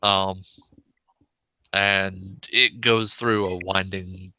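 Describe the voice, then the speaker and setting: A man narrating a tabletop game as game master, unhurried and full of fillers. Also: low voice, fairly even intonation, bright, forceful tone, dry recording, poor audio.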